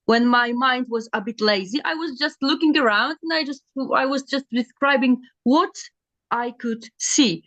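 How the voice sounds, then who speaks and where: Brief: fairly high woman, halting and self-effacing, dry call audio. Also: fairly bright tone, no echo, lo-fi sound. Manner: hesitant, full of fillers and restarts, self-deprecating. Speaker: English learner, participant. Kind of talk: casual speaking practice on a video call. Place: video call.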